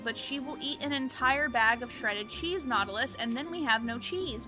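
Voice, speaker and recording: A woman who is a parent, livestreaming a game, telling animated stories and acting out quotes while swearing freely. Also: high-pitched, moderate pace, over music. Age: adult, parent of a young child. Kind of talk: casual chat on a gaming stream.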